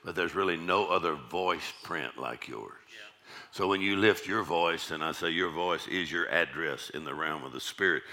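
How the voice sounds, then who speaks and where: A man with a deep voice preaching a sermon, repeating his key lines and calling out "amen" to the congregation. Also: bright, forceful tone.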